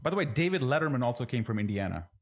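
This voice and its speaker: A man hosting a casual podcast, relaxed and easily amused. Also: mid-range voice, very fast, highs cut off, over music. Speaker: podcast host. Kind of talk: casual chat.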